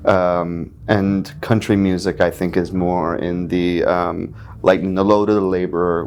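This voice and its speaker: A North Carolina man, a musician, speaks thoughtfully and articulately in a festival backstage interview, with frequent pauses and fillers. He has a low voice with a darkish tone.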